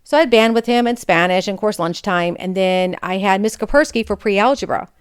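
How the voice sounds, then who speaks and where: Woman podcast host, candid chatty storyteller, smooth voice. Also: medium pitch, brisk. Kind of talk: personal storytelling.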